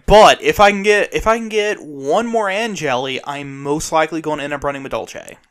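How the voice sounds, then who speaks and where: A man's voice: a little high, moderate pace, a bit bright, clear, resonant tone. A man from the USA co-hosting a podcast in casual chat, hesitant and full of ums. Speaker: podcast co-host.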